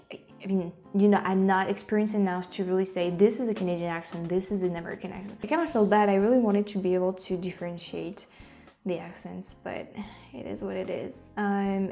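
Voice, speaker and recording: Her voice is medium-pitched and dark in tone. A native French speaker with a French accent, she hosts YouTube videos with casual commentary and comes across as hesitant, frequently using fillers and restarting.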